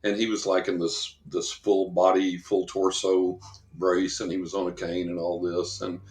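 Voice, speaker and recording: A man's voice: sits low, little pitch movement, moderate pace, darkish tone, reverberant. A man, a psychic investigator guest, telling rambling anecdotes in an interview and acting out the voices of people he quotes. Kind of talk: storytelling in a podcast interview.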